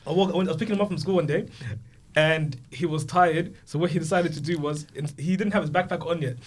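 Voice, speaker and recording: A man's voice: on the high side, brisk. A man in his twenties, a podcast co-host, telling stories in casual chat and acting out the voices of the people in them. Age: 20s. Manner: animated storyteller, acts out voices of kids.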